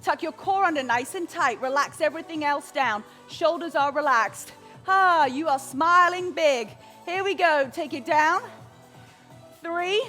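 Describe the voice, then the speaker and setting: A woman's voice: high-pitched, fairly bright tone. A young woman leading a live workout, slightly out of breath as she exercises along. She gives upbeat, encouraging cues and counts, mixed with motivational talk. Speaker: fitness instructor.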